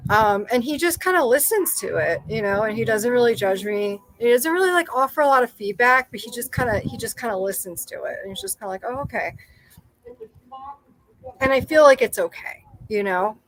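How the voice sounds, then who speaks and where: A young woman telling a personal story in casual chat, rambling with lots of fillers and animated self-quoting. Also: mid-range voice, no echo, rough recording. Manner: rambling, full of likes and you-knows, animated quoting. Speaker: podcast guest.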